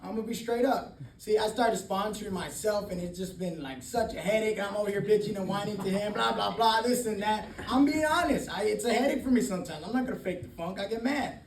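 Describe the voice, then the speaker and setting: A man with a high voice gives a blunt, candid talk at a recovery meeting, swearing freely and laughing often. He is recorded from a distance in an echoey room, with faint noise behind him. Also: a little fast, hardly any pauses. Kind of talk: personal testimony talk.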